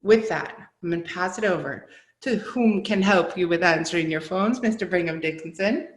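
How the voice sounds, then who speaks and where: Low-voiced woman presenting, echoey room. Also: moderate pace. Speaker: webinar presenter. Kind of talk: business presentation.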